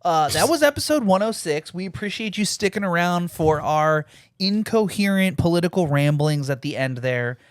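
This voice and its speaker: A man's voice: high-pitched, expressive, moderate pace, smooth, no room sound, studio quality. A man co-hosting a podcast, rambling and joking through a casual episode outro. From American Midwest. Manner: rambling, laid-back, joking. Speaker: podcast co-host.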